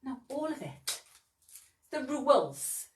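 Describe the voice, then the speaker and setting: A woman's voice: high-pitched, very animated, takes it slowly. A woman running a food challenge in a home quiz, teasing and strict about the rules. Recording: echoey room with faint noise.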